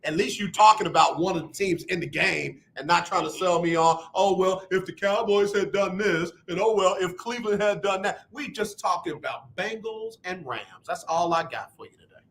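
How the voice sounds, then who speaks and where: Radio host guy, high bright voice, trash talks callers and laughs it up. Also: moderate pace, few pauses. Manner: trash-talking, teasing and loud. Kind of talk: animated sports talk radio.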